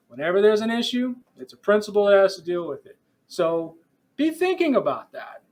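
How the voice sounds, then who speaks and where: A middle-aged professor, lecturing future school leaders in a podcast. His voice sits a little high for a man. He talks in a relaxed, conversational way, wandering off on asides and speaking directly to his students. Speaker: professor teaching future principals.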